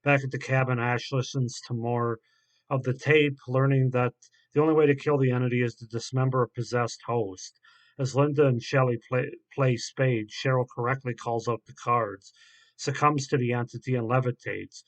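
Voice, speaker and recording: A man reviews a horror film casually and haltingly, with lots of fillers and restarts. His voice is medium in pitch and his intonation fairly even.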